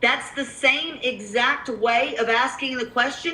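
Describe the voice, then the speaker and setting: Southern woman, real estate coach, bright tense voice, a bit high, echoey room, emphatic. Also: measured pace. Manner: emphatic, repeats key points. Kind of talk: live coaching webinar.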